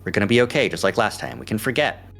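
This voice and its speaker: A man reading the lines of a shaken young man comforting a friend, slow and hushed. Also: fairly low pitch, expressive, faint music behind.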